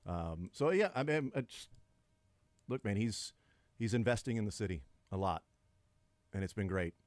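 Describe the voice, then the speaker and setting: A man's voice: on the low side, animated, moderate pace, darkish tone, no room sound. A man hosting sports radio, bantering bluntly and dismissively with his co-host.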